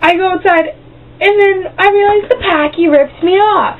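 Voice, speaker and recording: Goofy high-voiced woman rambling. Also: normal speed. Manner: goofy, bouncy, tosses in sound effects and silly voices. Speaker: vlogger. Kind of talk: rambling comic storytelling. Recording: tinny lo-fi webcam audio with faint hiss.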